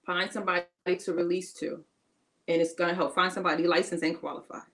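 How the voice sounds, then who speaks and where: Woman podcast co-host, fairly low voice, preachy and emphatic, repeats her points, loose casual grammar. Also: level tone, fast, a bit bright, rough recording. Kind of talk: encouraging faith-based podcast talk.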